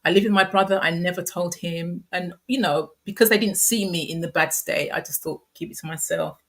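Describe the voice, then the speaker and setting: A middle-aged woman with a low voice tells a painful personal story in an interview. She talks softly and haltingly, often pausing and restarting her sentences. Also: steady tone. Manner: soft, halting, frequent restarts and fillers. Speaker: guest sharing a personal story.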